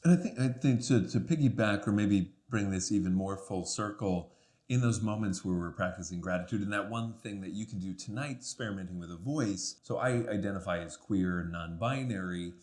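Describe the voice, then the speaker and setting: A man's voice: low-pitched, brisk, darkish tone. Reflective man, guest on a podcast. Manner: reflective, with many fillers and restarts. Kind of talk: casual podcast conversation.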